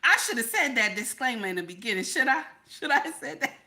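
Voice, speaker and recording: A woman's voice: a little high, animated, quick pace, very noisy. A woman vlogger chatting casually on a live stream, repeating herself and talking straight to her chat viewers. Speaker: vlogger reacting to videos and chat.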